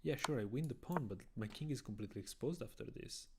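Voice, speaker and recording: A tired young man from Italian-speaking Switzerland, a native Italian speaker, chatting casually and quietly on a chess live stream. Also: mid-range voice, lively intonation, fast talker, slightly rough. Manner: talks quietly so as not to wake someone.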